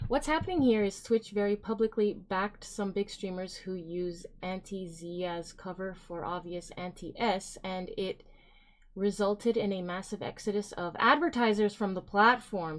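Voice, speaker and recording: A woman's voice: mid-range voice, unhurried. A woman live-streaming, chatting casually and reading viewer comments aloud, rambling with lots of fillers and giggles.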